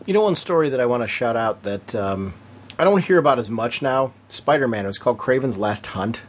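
A man's voice: mid-range voice, expressive, fairly quick. A man co-hosting a comics fan podcast, recounting story details in casual chat. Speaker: podcast co-host.

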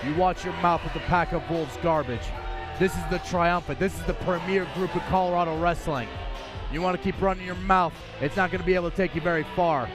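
A man's voice: high voice, steady tone, a little fast. A man doing color commentary on a wrestling show, brash and openly siding with the villains. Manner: brash, partisan, defends the heels. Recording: commentary with music behind.

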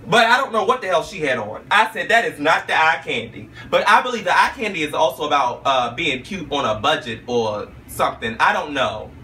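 A man telling a story in a vlog with flamboyant, sassy flair, peppering his talk with "okay?" and "honey" and jumping into high squeals for his own quotes. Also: animated, brisk, few pauses, bright, forceful tone, distant mic, slight background noise. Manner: jumps into high squeals when quoting himself. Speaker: vlogger recounting a talk show visit.

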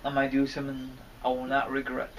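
A man's voice: medium pitch, completely flat delivery, fairly quick. A man giving a rambling, casual rant as a wrestling fan vlogger, cursing and getting irritated as he goes. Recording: distant mic, faint background noise.

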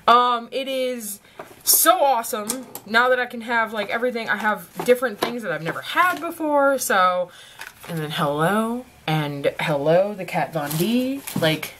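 A woman's voice: a little high, lively intonation, measured pace, a bit bright, a little hiss or hum. A young woman with a Southern US accent, gushing and giggling as she opens gifts in a casual home vlog. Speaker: vlogger. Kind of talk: casual gift-opening vlog. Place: at home by her desk.

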